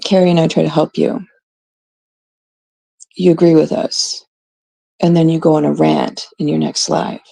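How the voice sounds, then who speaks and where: A woman's voice: sits low, flat delivery, moderate pace, gravelly, long pauses, mellow, dry recording. A blunt woman from Canada, talking casually to her live-stream chat in an exasperated way, swearing freely and quoting people mockingly. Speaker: livestream host.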